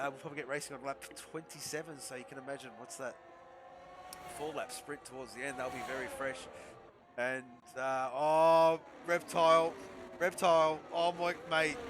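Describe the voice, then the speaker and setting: A young man giving chatty, excitable live commentary on an online racing league, laughing often and talking to viewers in chat. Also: fairly high pitch, moderate pace, noisy background. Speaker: esports race commentator.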